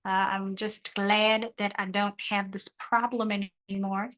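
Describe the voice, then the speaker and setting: Bright, animated woman streaming. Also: medium pitch, normal speed, low-quality recording. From South Africa. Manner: animated, joking, reads chat aloud. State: half her mouth numb after dental surgery. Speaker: YouTuber hosting a live stream. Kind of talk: casual live-stream chat.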